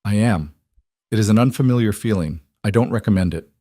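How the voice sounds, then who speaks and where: A man voicing a reserved crime boss, who speaks calmly in clipped, formal sentences. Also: on the low side, a little fast, no echo, clean studio sound, close to an everyday voice. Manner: calm, clipped formal sentences without contractions. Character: quiet controlled reserved male crime boss.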